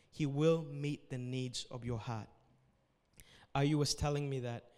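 A man's voice: mid-range voice, big-room sound. A man preaching as pastor at a church service, giving earnest, repetitive exhortations and closing with a prayer.

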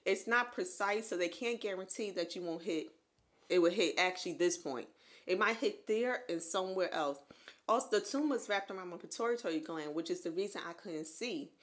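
A woman in her thirties co-hosting a podcast, telling her own story in casual chat, animated and laughing often. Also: fairly low pitch, moderate pace. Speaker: podcast co-host.

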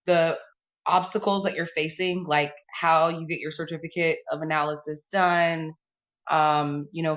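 Host, woman, low voice, steady and welcoming, muffled phone sound. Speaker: room host. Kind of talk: hosting a live audio chat room.

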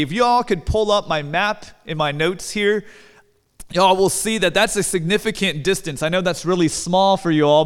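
A pastor with a high, somewhat bright voice preaches a conversational sermon in a church sanctuary, putting questions to the congregation. His tone is clean, and the hall gives a long reverb.

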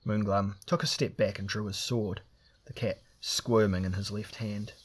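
Husky low-voiced male narrator. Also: steady tone, normal speed. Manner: reads dialogue with raised voices for characters. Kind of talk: audiobook narration.

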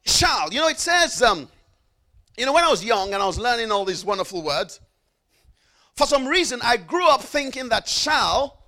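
A man with a very high, sharp voice preaches a sermon emphatically, repeating key phrases and prompting the congregation to repeat after him in call-and-response. He slows for stressed phrases and rushes through asides.

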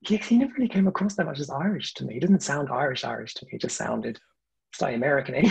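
A man's voice: medium pitch, fast, creaky, breathy edge, poor audio. A man in casual podcast chat, rambling and hedging, laughing often between thoughts. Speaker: podcast guest.

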